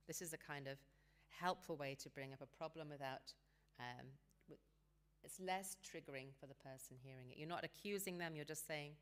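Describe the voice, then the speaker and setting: A woman giving a seminar talk on parenting teenagers, calm and practical, sometimes acting out what parents and teens might say. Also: sits low, normal speed. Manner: calm, practical advice, acts out quoted dialogue.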